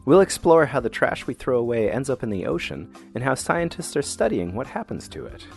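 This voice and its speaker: A man's voice: medium pitch, sing-song, fairly quick, vocal fry, soft background music. A man co-hosting a science podcast for kids, playful and jokey. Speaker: co-host.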